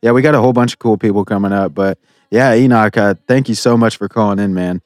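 A man's voice: fairly low pitch, fast talker, darkish tone, dry recording, clean studio sound. A man co-hosting a casual podcast, rambling with many fillers and restarts. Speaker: podcast co-host.

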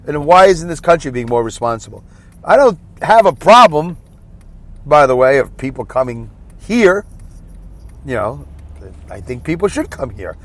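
Animated rambling podcast host. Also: male voice, fairly high pitch, normal speed, pauses often. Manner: animated, rambling, prone to restarts. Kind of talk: rambling comedic monologue.

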